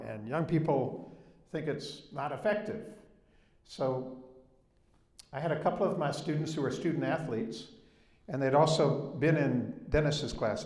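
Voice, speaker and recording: Older Southern-accented male speaker telling stories, emphatic, mid pitch, roomy echo. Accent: Southern American. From Southern United States. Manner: storytelling, emphatic on key points. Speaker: guest speaker. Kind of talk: public talk. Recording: echoey room.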